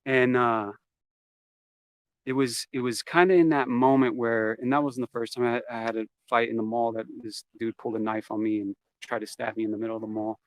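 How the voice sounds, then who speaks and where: A man's voice: mid-range voice, level tone, a little fast, no room sound. A man telling a story from his past in a casual interview. He swears freely and acts out the quoted lines as he goes. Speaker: interview guest.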